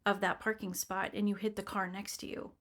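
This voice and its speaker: A woman quoting a stern, formal male police officer in her own voice, slow and halting. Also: mid-range voice, flat delivery, fairly bright tone, close to an everyday voice.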